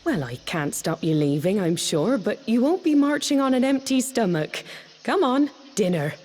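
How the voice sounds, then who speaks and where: An actress voicing the hero's kindly country mother in a video game, homely and gently teasing. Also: on the high side, sing-song, moderate pace, slight background noise. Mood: motherly.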